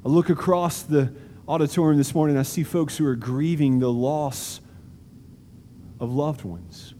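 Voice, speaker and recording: A man preaching a sermon in a large auditorium, slow and deliberate with emphatic stresses and dramatic pauses. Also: a little high, mellow, in a large hall, a little hiss or hum. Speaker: pastor.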